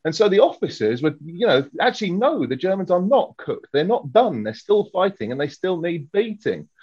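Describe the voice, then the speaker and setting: A man arguing his case in a casual panel debate, animated and chatty. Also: high-pitched, moderate pace, husky. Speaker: panel guest. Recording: dull lo-fi audio.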